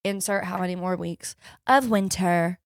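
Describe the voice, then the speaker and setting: A woman's voice: fairly low pitch, moderate pace, vocal fry, no room sound, studio quality. A young woman co-hosting a podcast in casual chat, joking, laughing often and swearing freely. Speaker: podcast co-host.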